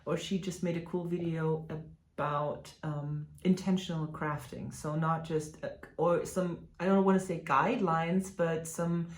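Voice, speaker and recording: A woman's voice: low-pitched, steady tone, unhurried. Chatty German woman in an echoey room. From Germany (Hanover). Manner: chatty, hesitant, many fillers and restarts. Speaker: flosstube host. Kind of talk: casual chat to camera.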